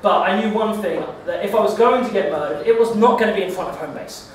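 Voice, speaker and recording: A young-sounding man with a high voice races through a rambling stand-up story, tripping over his own words as he goes. He is miked from a distance in a very echoey club. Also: fast talker, crowd noise. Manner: rambling deadpan storytelling with stammered restarts. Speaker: stand-up comedian. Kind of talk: stand-up set. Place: comedy club stage.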